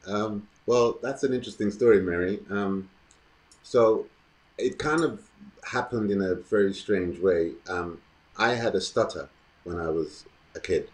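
Deep-voiced man, thoughtful. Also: a little mellow, poor audio. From London, England. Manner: thoughtful, measured, with frequent ums. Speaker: actor and guest. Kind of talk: reflective interview storytelling.

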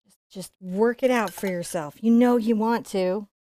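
A woman teaching a live-streamed painting lesson, chatty and playful, going quiet while she concentrates. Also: medium pitch, normal speed. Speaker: painting instructor.

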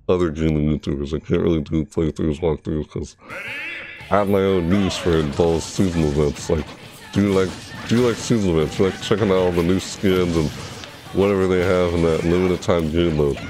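A young man commentating his own gameplay, chatty and excitable, yelping and shrieking high when things go wrong. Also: background noise. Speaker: gaming YouTuber. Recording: game music playing behind.

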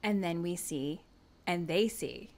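A woman's voice: lowish voice, expressive, takes it slowly, darkish tone. A woman podcast co-host retelling a movie plot in casual chat, swearing, laughing, and saying "like" a lot.

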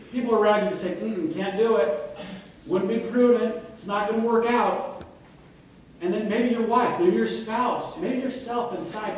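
A man's voice: high-pitched, slight background noise. Man speaking in a very echoey hall. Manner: self-deprecating, animated, acts out quoted voices. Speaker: guest speaker. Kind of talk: humorous lecture storytelling. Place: lecture hall. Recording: very echoey hall, far from mic.

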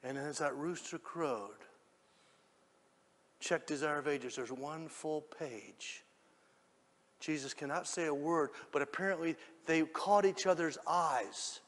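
A man preaching a sermon, telling the story dramatically and swinging from hushed lines to shouts. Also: on the high side, slow, long reverb tail.

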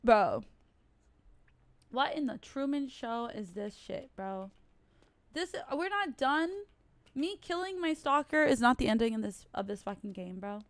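A woman's voice: fairly high pitch, very animated, a little slow, no room sound. A woman streamer playing a horror game, panicky and profane, swearing and screaming in fear. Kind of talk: horror game playthrough commentary.

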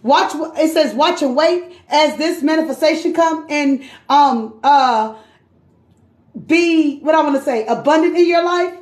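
A high-pitched woman runs a loose, chatty tarot reading, cursing freely and calling her listener queen and sis. Her voice echoes around the room as she talks. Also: measured pace. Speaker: tarot card reader. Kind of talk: casual live tarot reading.

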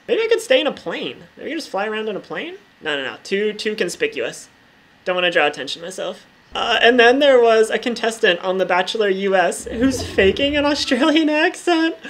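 A woman's voice: fairly high pitch, sing-song, fairly quick. A woman talking casually over her own gameplay as a vlogger, full of "like" fillers and freely swearing. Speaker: gaming vlogger.

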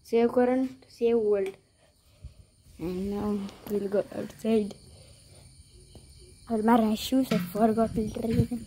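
Woman, higher voice, mellow tone, chatty vlog, faint background noise. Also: fairly even intonation, slow, pauses often. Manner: chatty, talks to animals and viewers. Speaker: vlogger. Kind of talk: casual vlog narration. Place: home and yard with animals.

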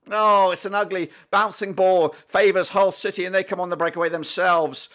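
A man hosting a live football watchalong, commentating excitedly as a fan, with swearing, fillers and restarts. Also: high-pitched, unhurried, pauses often.

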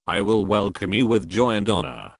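A man reading the words of God the Father welcoming a faithful son, in a measured, solemn way. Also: on the low side, dry recording. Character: almighty God the Father, calling a son home.

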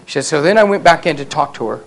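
A middle-aged man preaching a sermon as pastor, telling family stories with self-deprecating humor and building to loud, emphatic peaks. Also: on the high side, expressive, fast talker, gravelly. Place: church sanctuary.

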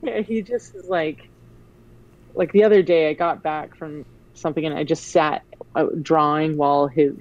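A woman guest in a casual chat, telling stories in a rambling, animated way. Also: deep voice, moderate pace, muffled recording.

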